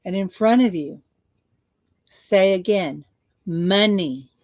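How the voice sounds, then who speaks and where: A woman coach leading a guided visualization, slow and playful, repeating words for emphasis. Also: medium pitch, darkish tone, no echo.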